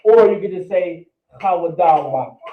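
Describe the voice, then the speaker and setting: A man with a high voice teaches a class, repeating each word and asking "all right?" as he goes. He sounds distant in an echoey room. The sound is thin and phone-like. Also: normal speed. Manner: repetitive, checks in with "all right?". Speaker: language teacher. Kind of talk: classroom language lesson.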